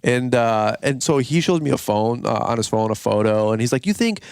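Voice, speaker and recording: A man hosting a podcast, telling a rambling, animated story in casual chat. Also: normal speed, creaky, clear, resonant tone, no echo. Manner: rambling, animated, imitates others in higher voice. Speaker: podcast host.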